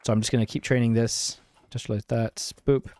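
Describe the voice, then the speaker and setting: A man's voice: mid-range voice, flat delivery, fairly quick, a little mellow, no echo. Self-mocking young man streaming a game. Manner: self-mocking, chatty, reads and answers chat. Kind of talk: casual live-stream gameplay chat.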